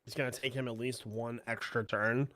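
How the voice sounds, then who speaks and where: A man's voice: medium pitch, flat delivery, moderate pace, a bit bright. A man refereeing a card game over voice chat, patiently explaining the rules step by step.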